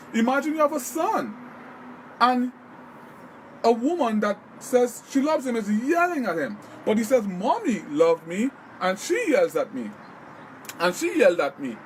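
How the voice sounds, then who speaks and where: A man's voice: sits high, slight background noise, poor audio. A man giving earnest, repetitive motivational talk on a live stream, in the manner of a parenting advice host.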